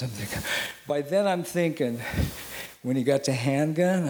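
Animated man telling a story. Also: a little high, normal speed. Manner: animated, acts out dialogue, self-mocking. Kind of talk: personal storytelling.

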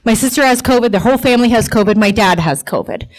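A woman in her forties telling a personal story to an audience, animated, emphatic and comic. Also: fairly high pitch, fast talker, slight background noise, poor audio.

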